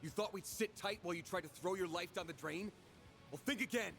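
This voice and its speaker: A man's voice: sits high, brisk, fairly bright tone, faint music behind. A man voicing a brash young fighter in a video game, blunt and confident as he talks. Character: brash young male fighter, cocky ally.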